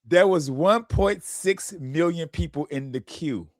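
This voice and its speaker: Here a man in his forties is chatting on a comedy radio show. His voice sits a little high, and he tells his stories in a laid-back, easygoing way. The sound is close and dry, as from a studio mic. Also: unhurried, no echo. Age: 40s.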